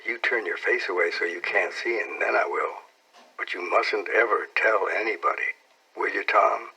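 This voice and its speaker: Storybook girl, timid and tender, hushed and hesitant; a man's husky read. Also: moderate pace, full character voice, rough recording. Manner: soft, hesitant, lifted pitch. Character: shy young schoolgirl, timid and tender.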